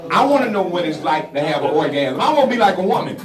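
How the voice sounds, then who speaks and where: An older man with a Southern US accent doing a loud, animated stand-up comedy set at a café open mic, laughing along with the audience. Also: high-pitched, fast. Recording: roomy, distant, crowd noise.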